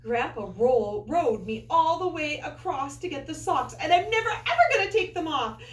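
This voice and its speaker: A high, squealing little girl, stubborn and excitable, bursting with big emphatic lines, as a woman reads her out. Her voice leaps up and down wildly. It sounds echoey and distant in a room. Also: measured pace. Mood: gleeful. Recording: echoey room, far from mic.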